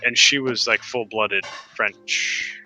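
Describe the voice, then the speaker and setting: A man's voice: lowish voice, steady tone, slow, sharp tone, soft background music. A man playing a game with friends, telling a rambling story in a casual, laid-back way. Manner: rambling, lots of fillers and restarts, laughs. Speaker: co-player.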